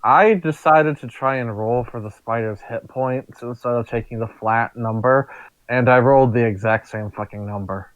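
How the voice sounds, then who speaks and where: A man's voice: medium pitch, normal speed, no echo. A man playing a tabletop game, giving short reactions and describing his moves plainly. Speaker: player. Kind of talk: casual tabletop game chat. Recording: thin phone-like line, dry.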